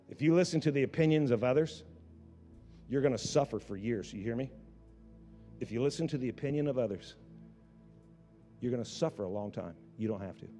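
With a mellow, medium-pitched voice, a pastor delivers an impassioned sermon, frequently tripping over and restarting phrases. The sound carries a long hall reverb.

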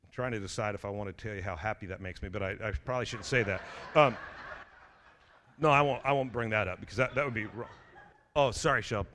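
A man's voice: lowish voice, fast talker, fairly bright tone, slight background noise. A middle-aged male pastor preaching a sermon in a church, telling stories in a loose, conversational way with many restarts and calling out to the congregation. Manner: conversational storytelling with frequent restarts and stammers; preacher's call-outs to the congregation.

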